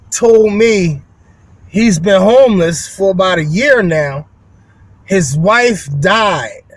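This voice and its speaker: A man's voice: high-pitched, dry recording. A man who runs a window cleaning business, talking to viewers in a rambling, folksy vlog, full of fillers and restarts. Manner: folksy, addresses viewers as y'all. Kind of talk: casual vlog monologue.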